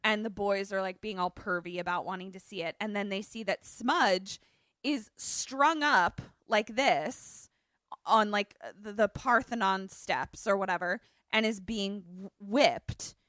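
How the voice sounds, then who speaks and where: A woman's voice: mid-range voice, unhurried, no echo, clean studio sound. A woman co-hosting a podcast, casually recapping a film and acting out the characters' lines as she goes. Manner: animated retelling, acts out quoted lines. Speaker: podcast co-host. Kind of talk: casual movie recap chat.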